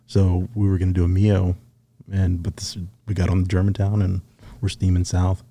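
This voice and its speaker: Low, dark-voiced man telling war stories. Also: moderate pace. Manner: relaxed storyteller, acts out quoted dialogue. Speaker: guest, retired Navy SEAL sniper. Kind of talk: casual storytelling interview.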